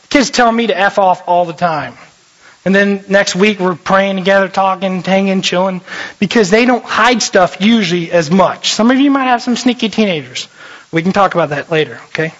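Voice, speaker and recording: A young man, a youth pastor, preaching a lively, jokey sermon and often shifting his voice. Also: high-pitched. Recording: dull lo-fi recording.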